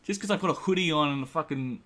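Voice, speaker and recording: A man's voice: a little high, fast, pushed and bright. A man co-hosting a casual podcast, laid-back and sweary, with lots of fillers. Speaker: podcast co-host.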